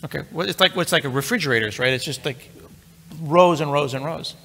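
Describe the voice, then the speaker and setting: A middle-aged man speaks fairly quickly at a live tech conference, his fairly high, sharp voice carrying vocal fry. The big hall's long reverb surrounds his chatty, joking story, which he aims straight at the audience.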